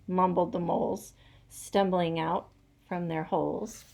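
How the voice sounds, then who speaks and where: A woman teacher reading a children's picture book aloud with lively, rhythmic storytelling. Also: fairly low pitch, a little slow, vocal fry.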